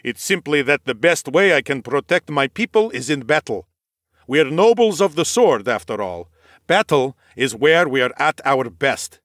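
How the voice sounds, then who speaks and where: A man's voice: mid-range voice, big pitch swings, moderate pace, fairly bright tone, no room sound, clean studio sound. A man voicing a cheerful male noble warrior who loves battle, speaking in a formal, eager, courtly way in an audiobook. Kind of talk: audiobook character voice.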